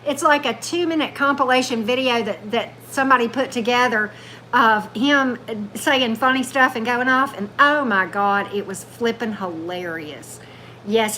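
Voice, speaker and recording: Bright-voiced chatty woman. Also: a little high, a little hiss or hum, low-quality recording. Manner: rambling, chatty, reads and answers viewer comments. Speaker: tarot livestream host. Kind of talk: casual livestream chat with viewers.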